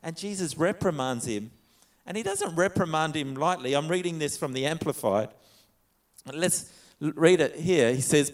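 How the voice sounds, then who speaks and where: Aussie guy preaching, chatty sermon, reads bits of scripture out, clear resonant voice a bit on the high side. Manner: conversational preaching, reading scripture aloud. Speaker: pastor.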